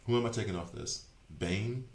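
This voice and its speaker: A man streaming a video game, chatting casually and rambling as he second-guesses his choices out loud. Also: fairly low pitch, moderate pace, gravelly, echoey room, slight background noise. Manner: chatty, rambling, self-correcting. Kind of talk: casual gameplay commentary.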